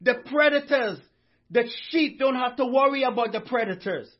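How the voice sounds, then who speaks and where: A man's voice: very high voice, animated, moderate pace, lo-fi sound. A male pastor preaching a sermon, fervent and repetitive, stressing each line with conviction. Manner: fervent, repeats lines with conviction.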